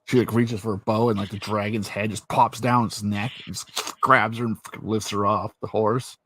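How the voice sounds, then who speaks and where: A man hosting a casual chat, retelling scenes with lots of swearing and laughter. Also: on the low side. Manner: animated storyteller, swears freely, laughs often. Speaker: host.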